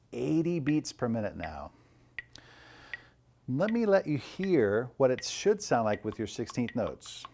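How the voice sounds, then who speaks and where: A man teaching an online percussion lesson, calmly coaching and counting rhythms aloud. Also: medium pitch.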